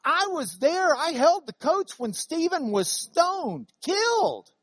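Lady acting out paul, bold and emphatic, proclaiming loud, dry close sound. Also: extremely high pitch, sing-song, slow, no echo, voice pushed up, full character voice. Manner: emphatic, proclaiming, raised and louder. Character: the apostle Paul, adult man, bold and emphatic.

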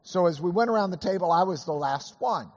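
Hoarse man telling a class story. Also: high-pitched, lively intonation, fairly quick, long reverb tail, lo-fi sound. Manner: chatty anecdotal storyteller with many fillers. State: hoarse from illness. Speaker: Bible class teacher. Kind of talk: storytelling lesson.

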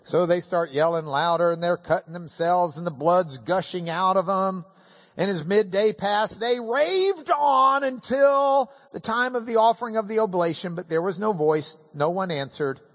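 Slow, lively preacher. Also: male voice, sits high. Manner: lively storytelling with humor and emphatic swings. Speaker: pastor. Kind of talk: sermon.

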